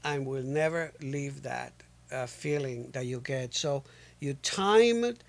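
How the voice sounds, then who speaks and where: A man's voice: mid-range voice, takes it slowly, gravelly. A man hosting a radio show, chatting loosely with a guest, interjecting and laughing. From New York. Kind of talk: casual interview chat.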